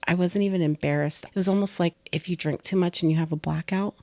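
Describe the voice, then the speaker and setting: Her voice is lowish and fairly even in intonation, and she talks fast with no echo. A middle-aged podcast co-host, she shares a personal story candidly and softly, slipping into whispers when it gets painful.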